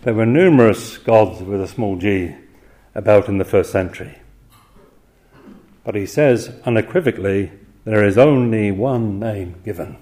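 Earnest preacher, measured and emphatic. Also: male voice, on the low side, mellow. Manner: earnest, emphatic, rhetorical questions, slows for scripture quotes. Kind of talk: evening sermon.

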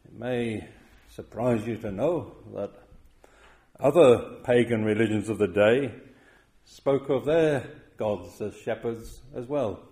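A male pastor delivering a sermon at an unhurried pace. His pitch sits in an ordinary middle range, and he leans on quoted verses with deliberate emphasis. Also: dark tone. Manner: measured, emphatic preaching with slow quoted verses.

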